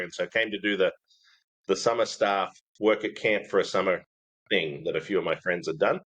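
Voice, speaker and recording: A middle-aged man with an Australian accent that drifts toward American, telling stories as an interview guest. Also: a bit bright. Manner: storytelling, acts out past quotes in a higher voice. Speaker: guest, camp ministry leader. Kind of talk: casual conversational interview.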